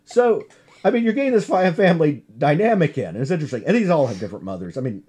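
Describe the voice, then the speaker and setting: A man's voice: fairly high pitch, sing-song, quick pace, mellow, slightly rough. A man giving a chatty class lecture on comics, full of asides and self-corrections.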